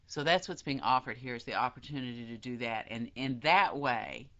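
A woman giving a casual spiritual teaching talk, animated and self-deprecating, acting out quoted voices. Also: a bass voice, normal speed. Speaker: spiritual teacher leading a study group. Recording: dull lo-fi sound.

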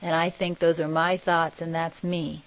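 A woman teaching a spiritual group, reading channeled messages aloud and commenting on them in a soft, reflective way. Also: low voice, flat delivery, moderate pace, poor audio. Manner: soft-spoken, reflective, often laughing.

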